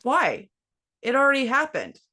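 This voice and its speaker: A woman in her thirties casually telling a story, swearing freely and putting on a high voice when she quotes someone. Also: moderate pace. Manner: profane, animated, quotes her son in a high voice.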